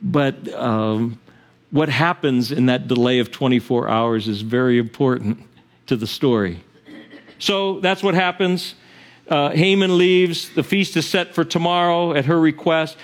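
A male pastor preaches a lively storytelling sermon, acting out each character as he goes. His voice sits notably high for a man. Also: measured pace. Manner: animated, acts out characters.

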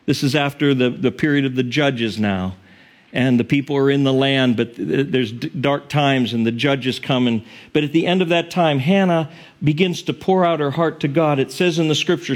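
A male pastor preaching a sermon in an earnest, expressive storytelling manner, sometimes correcting himself mid-word. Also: a little high, normal speed.

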